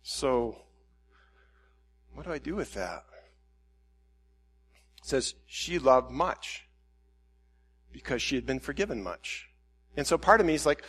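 A man's voice: fairly high pitch, animated, normal speed, long pauses, a bit bright. A man preaching a candid, self-questioning sermon and voicing his own inner dialogue. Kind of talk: reflective sermon.

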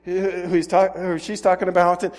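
A man voicing an impulsive king who talks in a quick, gushing way. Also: high-pitched, little pitch movement, natural voice. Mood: agitated. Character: excitable male king, impulsive.

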